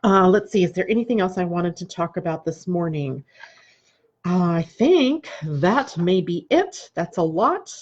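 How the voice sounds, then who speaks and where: A woman astrologer hosting a live stream, talking calmly and repetitively, often checking in with "right?". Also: on the low side, unhurried, husky, dull audio. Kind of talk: live-streamed spiritual talk.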